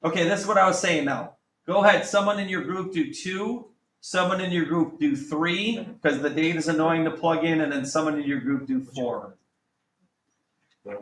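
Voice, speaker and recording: A man's voice: fairly high pitch, fairly bright tone, a little hiss or hum. A male math teacher talking a class through calculator work, chatty and joking, with exasperated asides. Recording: echoey classroom with faint background ambience.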